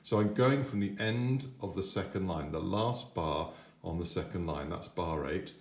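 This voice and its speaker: Man, low voice, patient piano teacher, children's lesson, echoey room, piano behind. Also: moderate pace. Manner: patient, encouraging, sings note patterns. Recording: roomy echo, piano playing.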